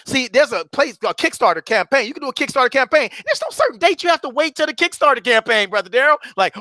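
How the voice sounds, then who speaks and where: A man giving an animated, playful motivational talk in a preacher-like delivery. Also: very high voice, quick pace, hardly any pauses, no echo, clean studio sound. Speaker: motivational speaker.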